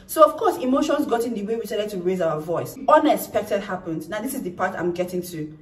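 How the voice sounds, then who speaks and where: A young woman telling a personal story in an animated vlog, acting out what people said. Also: mid-range voice, brisk, distant mic. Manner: animated, acts out quoted lines. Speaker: vlogger. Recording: echoey room, off-mic.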